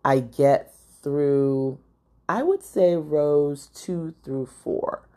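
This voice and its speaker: A young woman podcast host telling a casual story in an animated, exasperated way, full of fillers. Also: sits low.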